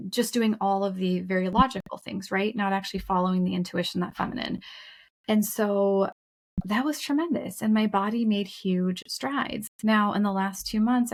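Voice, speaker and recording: A woman co-hosting a talk podcast, speaking at an ordinary middle pitch. She tells her own story candidly and emphatically, in casual chat with the odd curse word. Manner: frank, emphatic, casual swearing. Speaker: podcast co-host.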